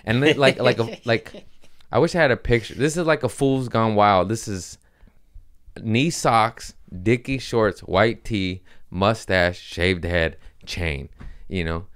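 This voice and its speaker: Podcast host, man, low and smooth voice, loose rambling storyteller. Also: slow, fairly bright tone. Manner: rambling, laid-back, swears. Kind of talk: casual storytelling chat.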